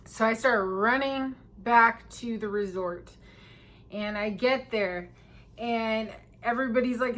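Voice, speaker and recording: A woman with a fairly high voice tells a story in a casual storytime vlog. She delivers it in an animated, emphatic way, getting loud at the tense parts and dropping to a hush at others. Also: unhurried. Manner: animated, emphatic, swings between loud and hushed.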